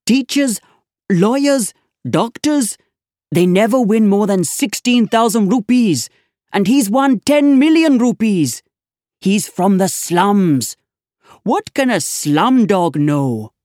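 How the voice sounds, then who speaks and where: A storybook reader voicing an angry, impatient male police inspector who shouts and sneers. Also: mid-range voice, lively intonation, slow, no echo, clean studio sound, voice pushed up. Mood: scornful. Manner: shouting, scornful.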